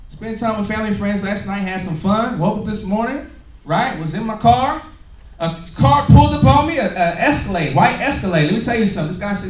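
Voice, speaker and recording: A high-voiced man leads a lively business training, laughing and drawing answers from his listeners. His voice carries through an echoey meeting room and sounds distant from the mic. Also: slight background noise. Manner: energetic, laughing, call-and-response with audience. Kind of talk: motivational training talk. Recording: echoey room, recorded from afar.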